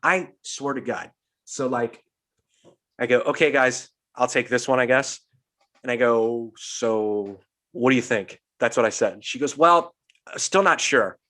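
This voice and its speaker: A man's voice: medium pitch, measured pace, a bit bright. A young adult man, a podcast host, telling a story in casual chat, acting out the quotes and swearing freely.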